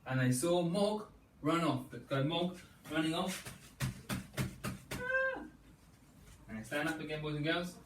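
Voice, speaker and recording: A man leading a children's storytelling yoga class, playful and animated, coaxing the children through each pose. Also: a little high, normal speed, background noise. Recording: echoey room, distant mic, faint ambience.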